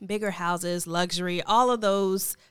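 A woman co-hosting a casual podcast chat, playful and teasing, with quick asides. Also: on the low side, steady tone, clean tone, no echo, studio quality.

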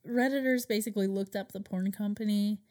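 A woman's voice: medium pitch, fairly even intonation, a little fast, mellow. A woman co-hosting a podcast, telling a story in a casual chatty way with frequent fillers. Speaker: podcast co-host. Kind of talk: casual chat.

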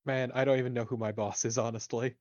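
A man's voice: medium pitch, flat delivery, fast, darkish tone, lightly acted. A man playing a sarcastic, flippant adventurer. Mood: wry. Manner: sarcastic and offhand, swears casually. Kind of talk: tabletop role-play. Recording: dull, dry lo-fi mic.

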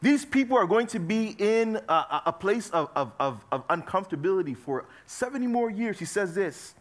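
A young man preaching to a youth group in an easygoing, chatty way, leaning on fillers as he talks. His voice sits a little high for a man, and he goes from loud, emphatic lines to soft, low asides. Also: sing-song, normal speed. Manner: casual, conversational preaching with frequent fillers. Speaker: youth pastor. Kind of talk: sermon.

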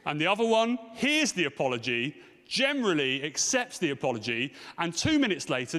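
A man's voice: on the high side, fairly bright tone. A man in his thirties preaching a sermon to a congregation, telling stories and asking the room rhetorical questions. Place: church hall. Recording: long hall reverb.

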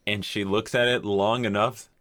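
Low-voiced young man telling a rambling story. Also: fairly even intonation, normal speed, fairly bright tone, no echo. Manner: rambling storyteller, swears casually, acts out quotes. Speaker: podcast co-host telling a story. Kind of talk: casual chat.

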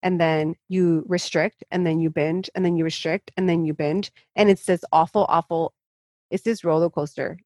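Frank, low-voiced woman fitness coach. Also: steady tone, a little mellow, no echo. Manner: frank, emphatic, speaks in rushes. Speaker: fitness coach and interview guest. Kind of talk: candid interview talk.

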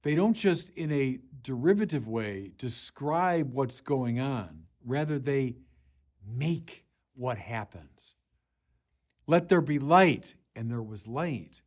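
A man preaching a sermon, unhurried with small restarts, rising to forceful emphasis on key lines. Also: medium pitch, animated.

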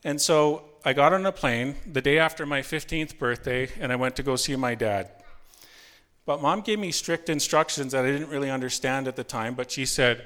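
A man's voice: mid-range voice, moderate pace, a bit bright, clear, resonant tone. A middle-aged man from Canada telling a personal story in a rambling way, with many restarts and filler phrases.

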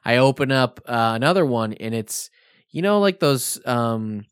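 Lively man telling a story on a podcast. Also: medium pitch, a little slow, clean tone, dry recording, clean studio sound. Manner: animated storyteller who acts out quoted lines. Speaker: podcast co-host. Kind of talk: casual storytelling chat.

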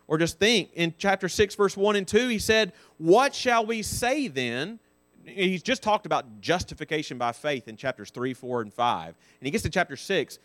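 A man teaching a Sunday School Bible lesson, putting questions to the class and repeating key phrases slowly for stress. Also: on the high side, fairly bright tone, no room sound.

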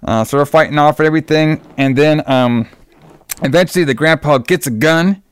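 A young man casually recapping a film plot in loose, profane talk, slipping into quick voices for the characters. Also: fairly high pitch, clean tone, dry recording. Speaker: podcast co-host recapping a movie.

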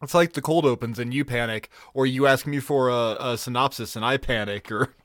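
A man's voice: mid-range voice, brisk, fairly bright tone, dry recording, clean studio sound. A man co-hosting a podcast in casual chat, laughing often and swearing freely as he rambles. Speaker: podcast co-host.

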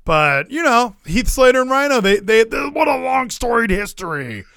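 A man co-hosting a casual podcast chat, excitable and rambling, with frequent swearing and restarts. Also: extremely high pitch, normal speed, no echo, studio quality. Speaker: podcast co-host.

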